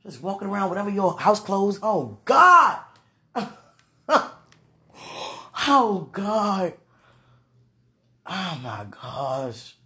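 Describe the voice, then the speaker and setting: Talking casually to the camera, a woman vlogs in a gushing way, praying aloud and laughing between breathless exclamations. Her mid-range voice has lively intonation and a slow pace with long pauses.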